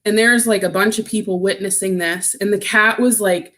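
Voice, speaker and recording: A woman's voice: mid-range voice, steady tone, normal speed, a bit bright. A woman chatting casually on a livestream, reading out and answering viewer comments, getting emotional and close to tears. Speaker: vlogger.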